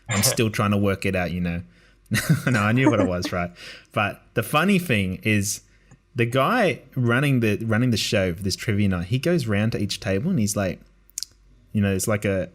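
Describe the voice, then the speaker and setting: A young man hosting a casual podcast chat, his voice sitting a little low. He rambles through anecdotes and voices the people in his stories as he goes. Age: 20s. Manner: rambling anecdotes with acted-out quotes and frequent laughter. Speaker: podcast host.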